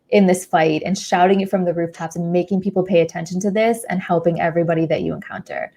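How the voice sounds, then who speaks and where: A woman's voice: on the low side, expressive, fast talker, few pauses, warm tone, a little hiss or hum. A young woman hosting a charity livestream, talking in a gushing, effusive and emotional way. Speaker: livestream host. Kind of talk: casual livestream chat.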